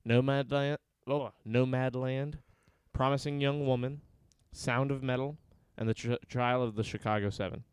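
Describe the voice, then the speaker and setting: A man's voice: mid-range voice, steady tone, normal speed, hardly any pauses, clean tone, dry recording. A man co-hosting a casual podcast, reading film synopses aloud with dry, sarcastic asides between them. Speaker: podcast co-host.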